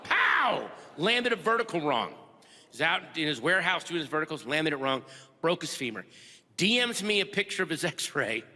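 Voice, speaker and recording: Bright-voiced self-mocking male comic. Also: on the high side, very animated, long reverb tail. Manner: self-mocking, quick anecdote. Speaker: stand-up comedian. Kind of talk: stand-up comedy.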